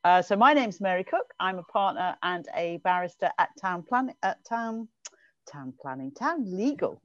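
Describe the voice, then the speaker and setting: A woman's voice: fairly low pitch, lively intonation, normal speed, no room sound. A woman introducing herself on a video call, correcting herself as she goes. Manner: hesitant, self-correcting. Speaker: regular panelist. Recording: dry, dull video call audio.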